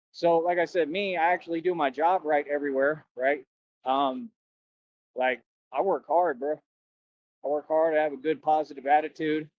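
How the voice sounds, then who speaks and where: Man ranting on a stream, boastful, slangy, combative, raised pitch, dull dry lo-fi audio. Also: dry recording. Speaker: former nightclub bouncer. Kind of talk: rambling livestream rant.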